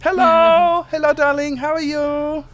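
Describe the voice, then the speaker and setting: A man voicing a tiny, fussy male Germanic genie who lives in a bell, in a high, giggly, flustered voice. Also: flat delivery, measured pace, fairly bright tone. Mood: doting.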